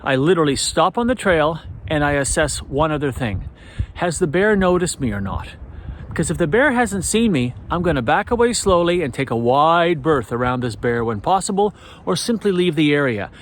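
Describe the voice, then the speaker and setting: A middle-aged man with a fairly high voice talks through trail safety in a plain, practical way, now and then with a short chuckle. He is recorded outdoors on a mountain trail, with faint outdoor noise behind him. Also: animated, moderate pace. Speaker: hiking channel host. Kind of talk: instructional vlog talk.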